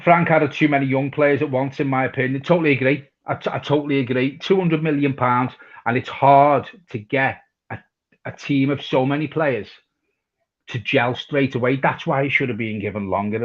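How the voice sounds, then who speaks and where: Male Scouse fan-channel host, mid-pitched, laid-back and blunt, reads live comments; muffled stream sound. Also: fairly even intonation, normal speed. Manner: casual, swears freely, reads chat messages aloud. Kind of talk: live match watch-along chat.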